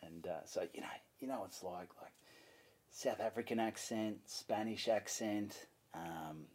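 A young Australian man, a comedian, telling a story in a casual interview. He swears freely and acts out what people said in a louder voice. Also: on the low side, measured pace. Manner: animated, swears freely, acts out his own lines in a louder voice. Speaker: comedian guest.

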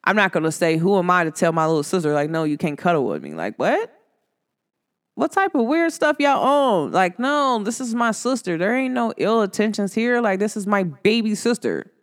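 A woman's voice: medium pitch, lively intonation, normal speed. Chatty, slangy woman talking to listeners. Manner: chatty, slangy, asks listeners many questions; laughs while telling stories. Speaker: podcast host. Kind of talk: casual talk to listeners.

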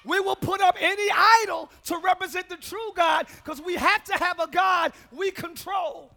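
High shouting preacher man, gravelly and bright. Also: moderate pace. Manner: preaching with shouts and call-and-response; drops to quiet asides and laughs. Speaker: pastor. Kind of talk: sermon. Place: church.

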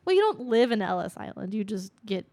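A woman's voice: mid-range voice, sing-song, fairly quick, dark tone. A woman co-hosting a casual movie podcast, joking and giggling. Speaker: podcast co-host. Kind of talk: casual chat.

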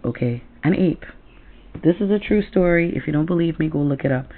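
A woman talks bluntly and heatedly, swearing freely and checking in with "right?" and "okay?" as she goes. Her voice has a gravelly edge. The audio is thin and tinny, as if over a phone line. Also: low voice, lively intonation, a little fast. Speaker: commentator. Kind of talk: angry political commentary.

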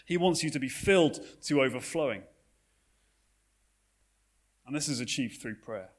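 A man's voice: medium pitch, expressive, normal speed. Man preaching in a chatty, storytelling way. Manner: conversational storytelling with frequent fillers and restarts. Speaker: pastor. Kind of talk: sermon.

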